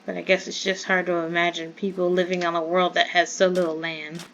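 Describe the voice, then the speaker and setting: A woman's voice: on the low side, little pitch movement, brisk, a bit bright, highs cut off, slight background noise. A woman from the American South chatting in a rambling way while playing a game, easily startled. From Southern United States. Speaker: gamer. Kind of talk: casual Minecraft commentary.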